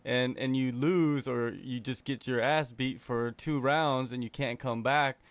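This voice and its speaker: A man hosting an interview, speaking in a relaxed, conversational way with casual slang. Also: mid-range voice, unhurried, no room sound. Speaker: interview host.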